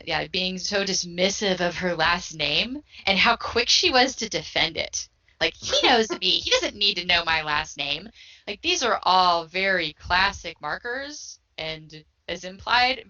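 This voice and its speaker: A woman's voice: fairly low pitch, bright, forceful tone. A woman co-hosting a podcast, chatting frankly and casually, swearing now and then and laughing often. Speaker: podcast co-host. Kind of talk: casual chat. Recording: dull lo-fi podcast audio.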